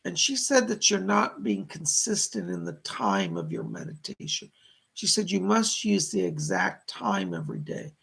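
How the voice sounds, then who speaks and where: A man's voice: sits high, huge pitch swings, normal speed, vocal fry, fairly bright tone, husky. A man hosting live-streamed psychic readings, relaying messages from spirits and thanking viewers for their donations. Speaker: psychic medium host.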